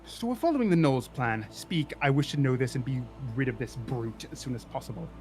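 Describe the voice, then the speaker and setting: A man's voice: medium pitch, animated, a little fast, a little mellow, soft background music, close to an everyday voice. A man voicing a scheming male politician who trades cutting insults in a tabletop game. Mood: irritated.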